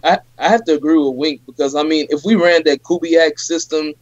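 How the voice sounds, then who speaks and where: A man co-hosting a casual sports talk show, explaining his reasoning in a measured, plain way. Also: a little high, steady tone. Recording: dry, dull lo-fi audio.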